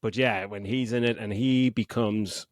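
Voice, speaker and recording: A man's voice: lowish voice, steady tone, a little slow, no room sound. Middle-aged man, dry close sound. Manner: sweary, giggling, rambling with restarts. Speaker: podcast co-host. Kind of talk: casual chat.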